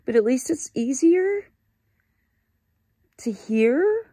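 A woman recording a raw confessional diary clip, halting, upset and close to tears, swearing as she talks. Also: high voice, big pitch swings, mellow, breathy edge, no room sound. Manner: halting, distressed and ashamed, with swearing. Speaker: vlogger.

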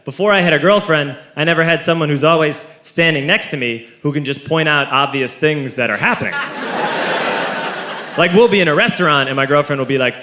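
High, lively man doing stand-up. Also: brisk, echoey room. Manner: animated storytelling, flips into exaggerated high voices for quoted people. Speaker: stand-up comedian. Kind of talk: stand-up routine. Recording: noisy live stand-up recording.

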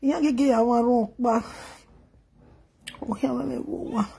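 A woman's voice: a little high, steady tone, normal speed, vocal fry, mellow, slightly rough. A middle-aged Nigerian woman vlogging, wailing and chanting in grief before telling a sad story in gossip style. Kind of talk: emotional lament and gossip.

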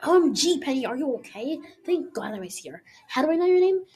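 A woman's voice: high-pitched, big pitch swings, a little fast, dark tone, voice pushed up. A woman voicing a chatty, friendly female cow in a homemade storybook tale, gushing and breathless.

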